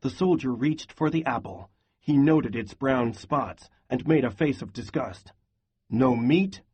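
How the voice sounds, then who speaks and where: A man reading a novel aloud in a steady, even voice for a class lesson. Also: mid-range voice, a little slow. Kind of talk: read-aloud lesson narration.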